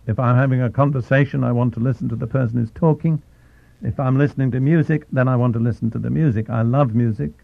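Man, sermon, Bible teacher, deliberate emphasis, tinny phone-like sound, mid pitch. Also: fairly even intonation, creaky, dry recording. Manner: deliberate, slows down to stress key phrases.

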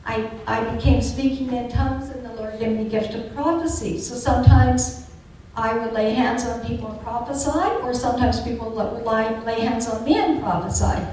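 A woman's voice: a little high, fairly even intonation, normal speed, a little mellow. An older woman giving an earnest, chatty personal faith testimony with fervent emphasis. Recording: echoey room from a distance, faint noise.

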